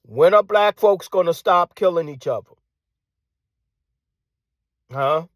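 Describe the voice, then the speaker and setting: A man rants in a combative monologue, hammering the same lines again and again and throwing out rhetorical questions. His voice sits fairly high, at times sinking to a hushed tone. The recording is close and dry, with no room sound. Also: expressive, slow, no room sound. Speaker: commentator. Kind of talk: ranting monologue.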